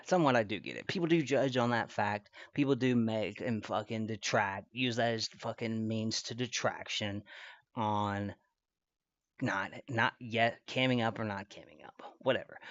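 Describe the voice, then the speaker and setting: A man's voice: on the low side, dry recording, lo-fi sound. A man streaming from his computer, talking casually in a rambling, profane, trash-talking way. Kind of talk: casual live-stream reaction. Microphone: computer mic at desk.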